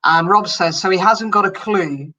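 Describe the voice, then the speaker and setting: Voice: medium pitch, moderate pace, sharp tone, muffled recording. An interviewer reading out listener questions and reacting with friendly encouragement. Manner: friendly, encouraging, laughs easily.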